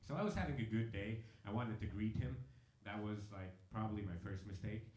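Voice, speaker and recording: A man's voice: lowish voice, fairly quick, warm tone. A young man doing a stand-up comedy set, chatty and riffing with the audience. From Hungary and South Africa. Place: comedy venue with live audience. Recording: roomy live venue with crowd laughter. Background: audience laughing.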